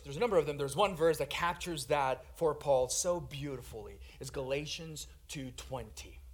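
High-voiced man preaching with big dynamic swings. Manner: dynamic, swinging from loud emphatic to hushed quiet; addresses listeners as "guys". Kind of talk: sermon.

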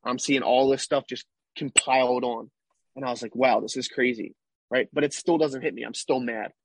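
Husky young man telling a story. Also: medium pitch, steady tone, moderate pace, no room sound. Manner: rambling, tag questions like "right?". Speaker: podcast guest, baseball player. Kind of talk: casual storytelling interview.

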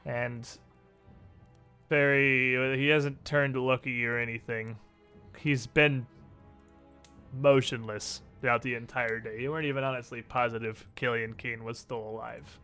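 A male game master narrates a tabletop game in a bright, clear voice. He takes an unhurried pace and stretches words out for dramatic emphasis. His storytelling is lively and expressive. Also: mid-range voice, faint music behind.

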